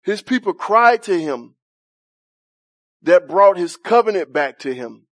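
A man's voice: high-pitched, big pitch swings, unhurried, a bit bright, dry recording. A man preaching a sermon, questioning and bantering with his congregation in folksy church vernacular, often laughing.

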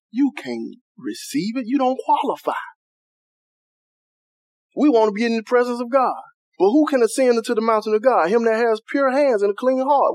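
A man preaching a sermon as pastor, who keeps asking the congregation if they are with him and softens his voice to act out quoted prayers. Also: very high voice, no echo. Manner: call-and-response preaching, asks "are you with me?".

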